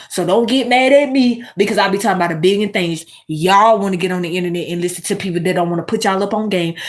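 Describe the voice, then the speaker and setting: A woman hosting a casual commentary monologue, animated and swearing, talking straight to her viewers. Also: mid-range voice. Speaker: commentary host.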